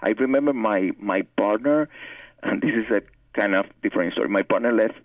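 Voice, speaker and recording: Gravelly Cuban man on a tinny phone line. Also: fairly low pitch, brisk, dry recording, far from the mic. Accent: Cuban Spanish. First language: Spanish. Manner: earnest, repeats words while searching for English. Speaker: novelist guest. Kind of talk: interview conversation.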